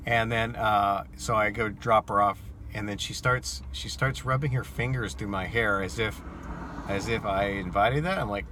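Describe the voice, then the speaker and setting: A man who drives for rideshare apps, casually telling an animated, incredulous story to his viewers. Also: fairly low pitch, moderate pace, slight background noise.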